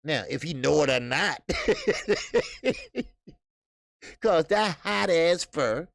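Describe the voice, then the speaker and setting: A gravelly-voiced man hosts a boxing livestream and chats loosely with his viewers, swearing freely and laughing hard. His voice is close to the mic in a dry room. The talk rambles and keeps doubling back. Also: on the high side, lively intonation, unhurried, a bit bright, dry recording. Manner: loose and profane, reading out chat comments, bursts of laughter. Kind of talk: casual livestream chat.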